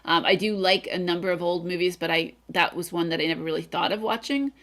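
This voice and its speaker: A woman's voice: fairly low pitch, fast. A woman hosting an English-learning channel, chatting casually with lots of "like" and "um". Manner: relaxed, many fillers like "like" and "um". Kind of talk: casual conversation.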